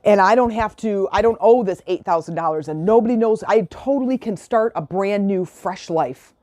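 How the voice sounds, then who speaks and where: A man's voice: high voice, normal speed, a little mellow, dry recording, close to an everyday voice. A woman voicing a desperate man in a retold film scene, pleading earnestly to have his old life back.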